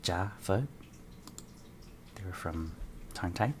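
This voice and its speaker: A man reacting to a trailer as an excited fan, muttering asides and breaking into dramatic outbursts. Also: low voice, slow, noisy background. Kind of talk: casual reaction commentary.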